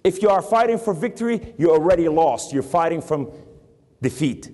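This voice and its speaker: Emphatic male preacher, New York accent, fairly high and very animated voice. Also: moderate pace, big-room sound. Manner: emphatic, preaching with scripture quotes. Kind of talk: sermon.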